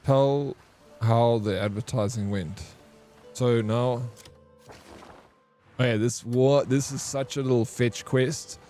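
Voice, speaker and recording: A man's voice: medium pitch, fairly even intonation, slow pace, long pauses, warm tone, faint music behind. Chatty, laid-back man streaming a game. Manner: chatty, swears casually, calls viewers bro; reacts to chat messages. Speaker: gaming streamer. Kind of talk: casual gaming commentary.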